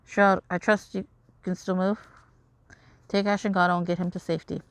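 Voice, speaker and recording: A proud, regal male dragon prince from a game story, read aloud by a woman. He speaks with haughty formality in a lowish voice, recorded close and dry. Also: flat delivery, moderate pace, dry recording, natural voice. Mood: commanding.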